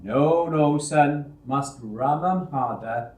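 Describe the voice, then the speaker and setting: A man's voice: a little high, slow. A man doing a taunting foundry bully. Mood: mocking. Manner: mocking, taunting. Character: mocking bullying male foundry worker. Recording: roomy echo.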